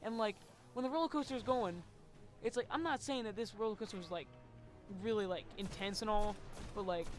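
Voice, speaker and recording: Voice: medium pitch, fairly quick, soft background music. A casual storyteller recounting a story over gameplay, rambling with lots of fillers and casual swearing.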